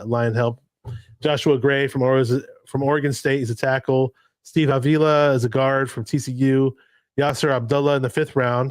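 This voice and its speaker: A man hosting a casual football chat over a video call, excited and rambling. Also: medium pitch, no echo. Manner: excited, rambling, laughs often. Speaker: host.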